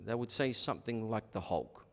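A middle-aged man preaching a sermon as pastor, shifting between quiet asides and emphatic points. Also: fairly low pitch, animated, moderate pace. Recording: long hall reverb.

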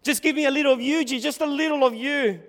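Earnest pleading woman as a preacher puts her on, higher and louder voice, echoey hall. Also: fast talker. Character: pleading, witty woman begging for crumbs.

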